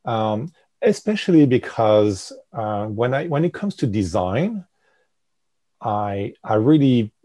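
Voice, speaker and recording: Hesitant French man, low husky voice. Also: very animated, slow pace, warm tone. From France. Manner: hesitant, frequent ums and restarts. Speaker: guest, industrial designer. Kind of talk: podcast interview.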